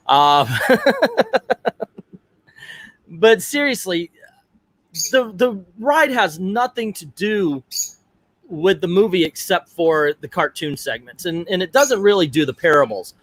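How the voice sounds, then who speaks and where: A man's voice: high voice, sing-song, slow, pauses often, fairly bright tone, dry recording. A middle-aged man hosting a casual livestream, chatty and digressive, turning aside to talk to his family. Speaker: livestream host.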